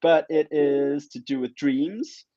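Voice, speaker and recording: A man who is a guest artist, talking in an animated, rambling way in a casual interview over a video call. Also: a little high, slow pace. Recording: muffled dry audio.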